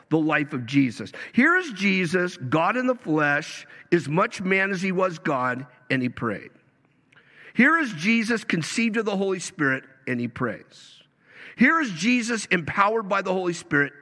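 A pastor delivers an emphatic sermon in a fairly high, bright voice. His pitch and pace swing widely between phrases. His voice rings out with the long reverb of a hall.

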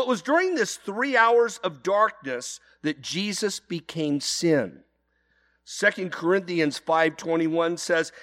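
A man's voice: high-pitched, fairly bright tone, big-room sound. A man preaching an earnest sermon, his voice rising into emphatic cries. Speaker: pastor.

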